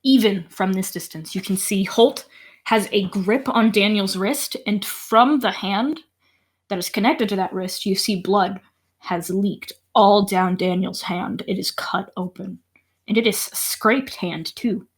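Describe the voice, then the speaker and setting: A woman's voice: mid-range voice, a little slow. A woman narrating a horror tabletop game as game master, swearing and laughing often.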